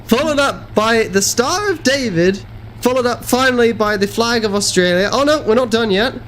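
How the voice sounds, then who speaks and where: A high-voiced man chats playfully on a live game stream, teasing his audience and cooing softly to his cat. His voice bounces around a roomy home space with a clear echo. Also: moderate pace, a little hiss or hum. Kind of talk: casual live-stream chat.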